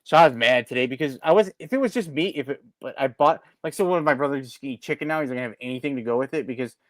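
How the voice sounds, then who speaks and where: A man co-hosting a podcast, telling a story in a rambling, animated way with lots of restarts and acted-out quotes. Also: mid-range voice, rapid-fire, no room sound. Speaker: podcast co-host. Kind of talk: casual chat.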